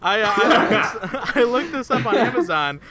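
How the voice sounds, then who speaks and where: A man's voice: very high-pitched, normal speed, over a noisy crowd. A man co-hosting a casual comedy podcast, telling stories with lots of laughter and acted-out quotes. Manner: animated storytelling, acting out quotes, laughing often. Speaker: podcast co-host.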